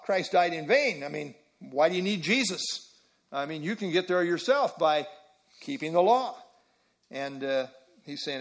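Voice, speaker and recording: A man preaching an expository sermon, reading scripture aloud and explaining it, repeating key phrases with frequent fillers. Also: a little high.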